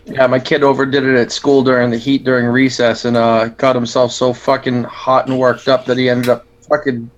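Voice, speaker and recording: A man's voice: medium pitch, flat delivery, moderate pace, hardly any pauses, highs cut off. A laid-back man chats with the group and swears in passing. His voice sits in a normal middle range. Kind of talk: casual group chat.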